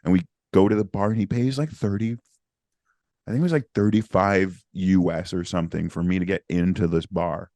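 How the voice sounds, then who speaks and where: Podcast co-host, male, very low voice, dry close sound, lively storyteller who acts out the people in his stories. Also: brisk, no echo. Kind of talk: casual storytelling.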